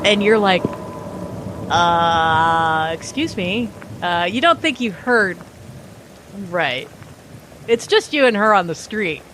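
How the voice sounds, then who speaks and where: Animated woman podcast co-host. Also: on the low side, slow pace, pauses often, slight background noise. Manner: animated, laughs often, acts out voices in stories. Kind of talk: casual chat, dramatic storytelling.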